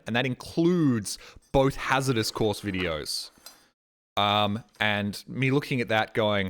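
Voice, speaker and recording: A man's voice: mid-range voice, fairly bright tone, smooth. Australian man rambling on stream. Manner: rambling, swears casually, mimics voices in quotes. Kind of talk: casual stream chat. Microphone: headset.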